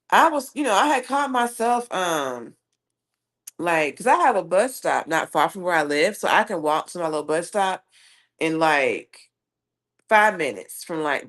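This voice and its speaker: This livestream host, a woman with a Southern US accent, keeps things casual as she works through viewer comments and spins stories in a sassy, lively manner. Her pitch is fairly low.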